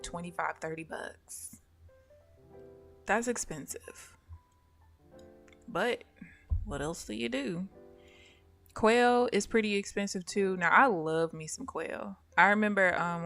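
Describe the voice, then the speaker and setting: A woman host of a live stream, telling a casual story to her chat in an animated way, laughing often and acting out the voices of the people she quotes. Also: medium pitch.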